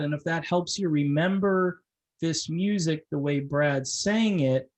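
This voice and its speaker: A man's voice: on the high side, a little slow, muffled recording. A man hosting an interview, talking with enthusiasm as a fan. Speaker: interview host. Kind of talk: casual interview conversation.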